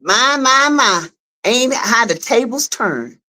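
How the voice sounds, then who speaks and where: Bright, slow-talking Southern woman. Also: on the high side. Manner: animated, laughing, talks straight to viewers. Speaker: commentator reacting to a web skit series. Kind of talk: casual livestream commentary. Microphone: streaming setup.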